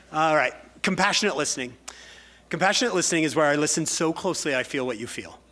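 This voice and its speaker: Guy teaching a class, super animated, acts out the stories, bright crisp voice. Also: a little high. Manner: animated storyteller who acts out dialogue. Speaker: class lecturer. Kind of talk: lively classroom talk with anecdotes.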